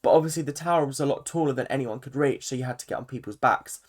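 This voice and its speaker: A vlogger giving a casual, chatty recap of a reality show, full of fillers and animated asides. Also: medium pitch, fast talker. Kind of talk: casual commentary.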